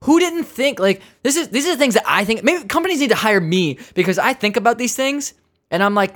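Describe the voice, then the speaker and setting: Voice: medium pitch, lively intonation, fairly quick, a bit bright. A comedian delivering an exasperated, profane comedic rant, talking casually and sarcastically to listeners.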